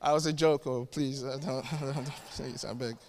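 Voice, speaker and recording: A man pastor preaching a sermon in a church, fervent, with sudden loud peaks and quiet asides. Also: mid-range voice, fairly even intonation, moderate pace, long reverb tail, a little hiss or hum.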